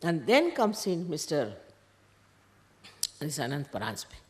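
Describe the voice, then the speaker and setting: An older woman with an Indian accent tells a long story, taking on the lines of each person in it. Her voice sits low, yet she swings it widely up and down as she goes. She speaks as a spiritual teacher addressing her followers. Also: slow. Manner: animated retelling, quoting others in dialogue. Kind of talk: storytelling talk. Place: ashram hall.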